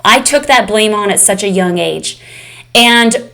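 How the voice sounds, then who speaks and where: A woman's voice: medium pitch, unhurried, creaky, bright, forceful tone. A woman coach leading a live online session, speaking candidly and emotionally straight to her audience. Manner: candid, emotional, speaks directly to "you guys". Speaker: fitness and mindset coach.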